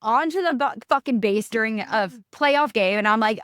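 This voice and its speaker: A young woman with a New York accent, telling stories in a casual interview, animated and ranting, swearing freely. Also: on the high side, moderate pace, hardly any pauses, clear, resonant tone, no room sound, clean studio sound. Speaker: guest.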